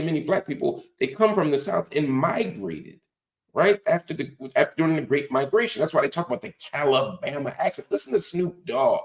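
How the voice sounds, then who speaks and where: A man's voice: fairly high pitch, vocal fry, roomy sound. A man hosting a political commentary show, teaching in an emphatic, preacher-like cadence. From United States. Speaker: host.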